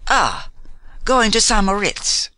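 A condescending, nosy older lady of high society, read by a man in an audiobook. The voice is bright and the pitch moves a lot, heard dry and close. She stays affable on the surface while she interrogates. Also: sing-song, slow, no echo, heavily acted, poor audio. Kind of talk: audiobook character reading.

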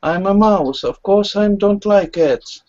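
Over dull, lo-fi video call audio, a woman student with a mid-range, slightly mellow voice reads a story aloud in an online class. Her reading is slow and halting, full of stumbles, self-corrections and laughter.

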